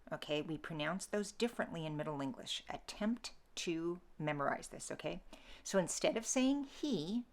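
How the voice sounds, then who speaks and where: A woman with a low voice gives a recorded lecture on pronunciation. She speaks slowly and patiently, demonstrates each sound aloud, and keeps checking in with her class. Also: fairly bright tone. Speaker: literature instructor.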